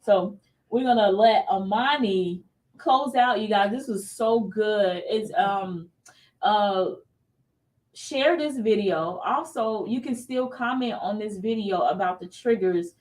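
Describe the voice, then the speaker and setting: A woman's voice: medium pitch, slow pace, far from the mic. A woman in her thirties hosting a casual faith talk show, telling stories animatedly and acting out what people said. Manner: animated storytelling, acts out quotes. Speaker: show host.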